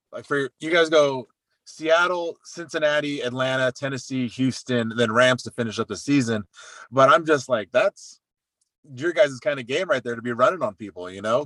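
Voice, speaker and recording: A man co-hosting a casual sports podcast, talking about his football team in a chatty, relaxed, self-deprecating way. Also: medium pitch, dry recording. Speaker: podcast co-host.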